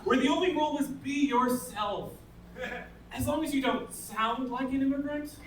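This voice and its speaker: Onstage at a comedy club, this English comic delivers dry jokes at his own expense in a very high-pitched, fairly bright voice at a moderate pace. The distant recording has a roomy club sound, and the audience can be heard laughing.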